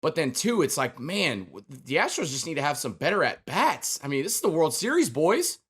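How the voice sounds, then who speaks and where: A man's voice: on the high side, big pitch swings, fairly quick, a bit bright, slightly rough. Conversational sports podcast host, man. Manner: conversational, thinking aloud with fillers. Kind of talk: casual sports chat.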